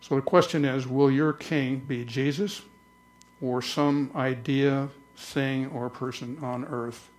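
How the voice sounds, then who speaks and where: A man preaching a conversational church sermon, slowing down to read scripture aloud. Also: mid-range voice, fairly even intonation. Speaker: pastor.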